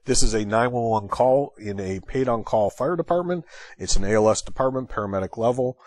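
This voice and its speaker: A man's voice: medium pitch, a little fast, a little mellow, no echo. A man hosting an EMS training lecture, explaining a call in a conversational way. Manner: conversational, thinking aloud with fillers. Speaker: EMS instructor and host.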